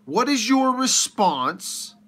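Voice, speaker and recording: A man hosting a livestream, ranting with rhetorical questions in an animated way. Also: extremely high pitch, slow pace. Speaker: livestream host.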